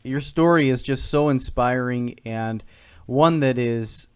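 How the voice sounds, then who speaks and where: A man hosting a radio interview, talking in a halting way with many fillers. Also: mid-range voice, smooth. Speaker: radio show host. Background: guitar music.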